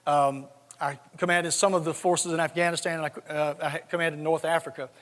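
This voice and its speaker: A Southern-accented man in his sixties gives a keynote full of folksy jokes. He often repeats a word as he starts a thought. His voice sits high for a man and carries a long reverb from a big hall. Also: flat delivery, fairly quick, a bit bright. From South Georgia, USA. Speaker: conference speaker. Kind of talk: storytelling keynote speech. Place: large conference hall.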